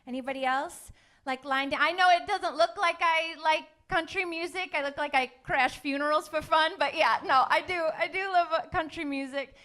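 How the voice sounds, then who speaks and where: A woman's voice: sits high, moderate pace, pushed and bright. A young woman doing a stand-up comedy set, sarcastic and teasing the crowd with punchy delivery. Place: comedy club stage.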